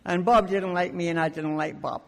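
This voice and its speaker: A woman's voice: on the low side, fairly even intonation, moderate pace, gravelly. A woman from Scotland tells her own recovery story to a gathering, joking at her own expense with a wry edge. Her voice carries through a large conference hall with a long, lingering reverb. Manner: wry, self-mocking humor. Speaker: AA speaker sharing her story.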